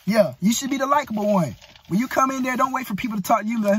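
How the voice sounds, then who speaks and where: A man's voice: high-pitched, fairly quick, slightly rough. A young man giving a casual, profane motivational rant as a vlogger. He talks bluntly and pushily and keeps saying "bro".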